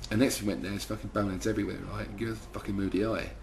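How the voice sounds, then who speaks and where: A man's voice: lowish voice, level tone, racing, vocal fry, a little hiss or hum. A man, telling rambling, swearing anecdotes in an interview. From London, second generation Irish. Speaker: band member. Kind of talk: casual interview storytelling.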